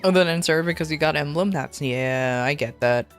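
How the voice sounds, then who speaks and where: A woman's voice: deep voice, normal speed, soft background music. A woman VTuber streamer chatting casually while gaming, rambling and ranting in an exasperated way.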